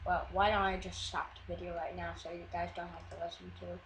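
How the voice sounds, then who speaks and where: A woman's voice: on the low side, level tone, a little fast, roomy sound, noisy background. A woman chatting casually over her gameplay video, rambling and often cutting herself off. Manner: rambling, chatty, self-interrupting. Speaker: Minecraft video maker.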